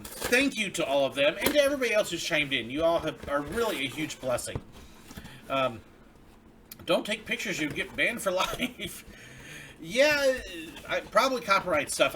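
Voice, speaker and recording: A man's voice: fairly high pitch, sharp tone, a little hiss or hum. A man hosting a casual livestream, chatting and reading viewer mail aloud in a grateful, friendly way. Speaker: livestream host.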